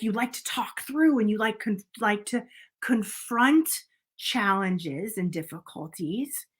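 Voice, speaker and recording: Earnest middle-aged woman coaching parents. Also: medium pitch. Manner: calm, earnest, repeats "okay?" to check in. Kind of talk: speaking to camera.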